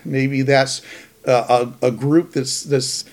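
A man's voice: medium pitch, fairly even intonation, takes it slowly. A man co-hosting a casual podcast, thinking aloud as he runs through a list of ideas. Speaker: podcast co-host.

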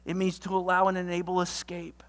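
A pastor giving a sermon, walking through a numbered list of alliterative points with energetic delivery and sudden loud outbursts. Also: medium pitch, a little fast, in a large hall. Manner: lists points with alliterative words.

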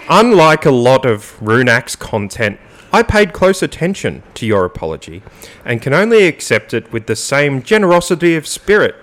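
Male podcast co-host, animated pitch, dry comic banter and deadpan mock-formal reading. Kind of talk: casual banter and reading a statement aloud.

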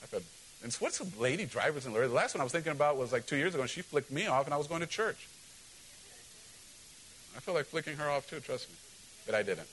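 Pastor guy preaching, kinda high voice, jokey, keeps asking the crowd stuff. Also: fast talker, pauses often, slight background noise, low-quality recording. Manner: animated, joking, asks the congregation questions. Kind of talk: sermon.

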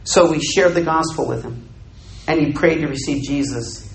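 A man's voice: on the high side, moderate pace, echoey room, rough recording. An older man, a missionary preaching a sermon, telling a story and acting out the dialogue for his congregation. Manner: animated, acts out dialogue, jokes with audience.

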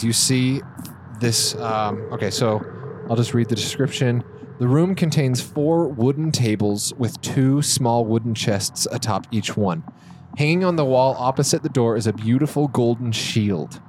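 Man game master, casual narration, faint background noise. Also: mid-range voice.

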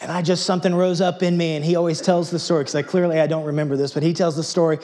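A man from Texas delivers a sermon that sounds like easy conversation, joking as he tells a family story. His speaking voice sits a bit higher than most men's. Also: level tone, very fast, a little mellow. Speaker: pastor.

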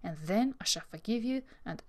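A woman's voice: mid-range voice, lively intonation, brisk, pitched above the performer's own voice, natural voice. A woman reading the part of a dramatic, morbid eighteen-year-old French girl in a breathless, theatrical way.

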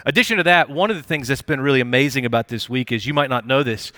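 Male pastor, bright voice, folksy encouraging sermon with lots of "uh"s, dry close mic. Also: medium pitch, fast, dry recording. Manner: conversational, encouraging, many fillers and restarts. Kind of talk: live sermon. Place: church service.

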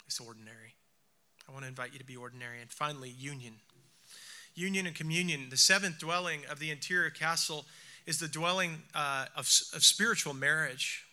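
Male preacher, slightly high, forceful bright tone, reflective sermon delivery. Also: steady tone. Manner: reflective, slows down and softens for emphasis. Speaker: speaker.

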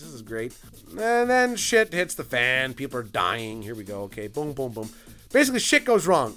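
A man's voice: a little high, a bit bright. A man giving a rambling, profane, joking recap of a film while clicking through it at his computer. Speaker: film reviewer. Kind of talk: casual movie recap commentary.

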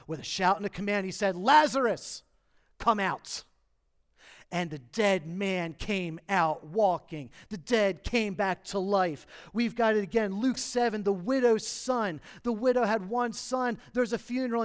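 A man preaching a sermon, telling scripture stories with lively acted-out quotes that swing between loud and hushed. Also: high voice. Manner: animated storytelling, acting out quotes with big swings from loud to hushed. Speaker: pastor.

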